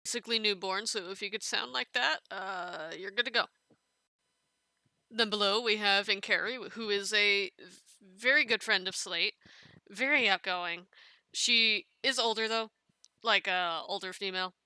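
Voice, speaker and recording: Bright, clear-voiced woman running a casting call. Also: medium pitch, moderate pace, no echo. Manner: chatty, loose, with small restarts and fillers. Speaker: casting director for a fan comic dub. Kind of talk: casual casting call walkthrough.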